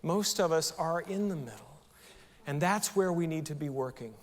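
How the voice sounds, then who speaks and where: Male pastor, sermon, slightly high voice, chatty preaching with rhetorical questions, echoing sanctuary. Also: lively intonation, normal speed. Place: church sanctuary.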